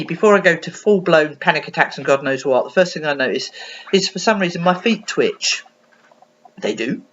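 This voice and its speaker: A woman's voice: on the low side, a bit bright, muffled recording. A woman speaking as an anxiety coach, giving an earnest, explanatory tutorial with frequent ums and restarts, recorded on a computer webcam. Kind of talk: casual spoken tutorial.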